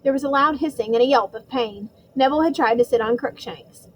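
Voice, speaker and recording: A woman narrating a storybook chapter in a measured, suspenseful way. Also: high voice, slight background noise, poor audio. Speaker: audiobook reader.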